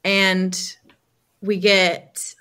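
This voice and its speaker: A woman coach talks as a guest on a podcast. She tells a personal story in a casual, animated way, acting out what other people said, and her voice sits at an ordinary middle pitch. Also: drawn-out words, clear, resonant tone. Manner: lively storyteller who acts out other people's lines, with frequent "like" fillers.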